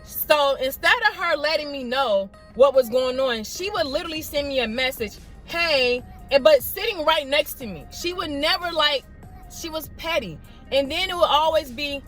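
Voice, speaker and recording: High-voiced woman telling a lively story. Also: moderate pace, soft background music. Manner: animated storytelling, mimics others in quotes. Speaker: vlogger. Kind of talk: storytime vlog.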